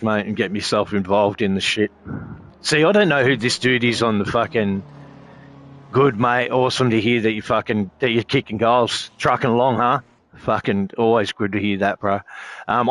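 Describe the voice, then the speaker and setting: A man's voice: mid-range voice, fairly bright tone. An Australian man streaming sim racing, chatting casually with viewers in a laid-back, rambling way and swearing constantly. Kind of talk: casual live-stream chat.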